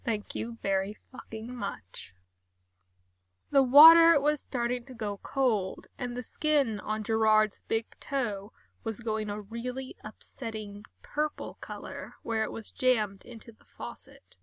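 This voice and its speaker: Wry woman story reader, unhurried, higher and bright. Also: no echo. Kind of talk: reading a comic story aloud.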